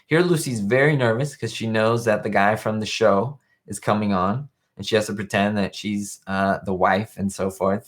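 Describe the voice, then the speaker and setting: A young man talks casually on a live stream, rambling from one thought to the next and stopping to answer viewer comments. His voice sits a bit low and relaxed. He sounds like he is speaking into a webcam setup. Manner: chatty, rambling, reads viewer chat aloud. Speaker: show host.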